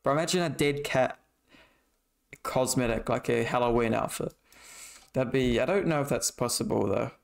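A man's voice: medium pitch, moderate pace, creaky, long pauses. A young man streaming a horror game, chatting loosely and swearing as he plays. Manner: loose, profane banter with chat and opponent. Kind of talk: casual gaming chat.

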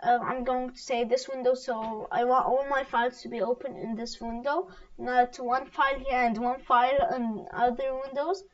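A woman walking learners through a coding tutorial on screen, halting with many fillers and restarts. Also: fairly high pitch, little pitch movement. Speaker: coding teacher. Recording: distant, dull lo-fi mic.

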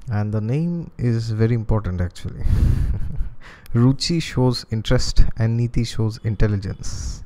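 A man with an Indian accent telling a devotional story as a spiritual teacher. He is animated, chuckles often and asks listeners rhetorical questions. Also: fairly low pitch, a little slow.

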